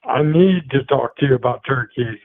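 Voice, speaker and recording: A male caller on a radio show, loud and insistent, repeating himself. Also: medium pitch, normal speed. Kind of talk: call-in chat. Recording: tinny phone line.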